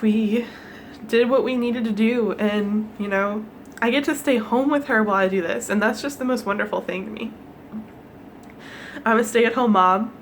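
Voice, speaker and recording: A young American woman records a personal vlog, sounding teary and emotional as she talks haltingly with nervous laughs. Her voice is on the high side, and there's slight background noise.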